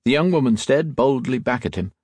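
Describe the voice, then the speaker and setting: Man narrating an audiobook, animated voice, dry close studio sound. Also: mid-range voice, a little fast, slightly rough, no echo. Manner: expressive storytelling reading. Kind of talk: scripted narration.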